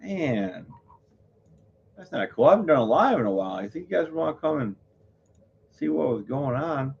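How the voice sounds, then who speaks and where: A man's voice: medium pitch, lively intonation, moderate pace, creaky, highs cut off, slight background noise. A man chatting casually on a live stream, rambling, full of fillers and self-corrections. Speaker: livestreamer.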